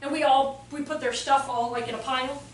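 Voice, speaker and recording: High-voiced, fast-talking woman presenter. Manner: fast-paced and animated, acts out quotes. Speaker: workshop presenter. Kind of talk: live talk to an audience. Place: hall in front of an audience. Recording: roomy hall, distant mic, faint noise.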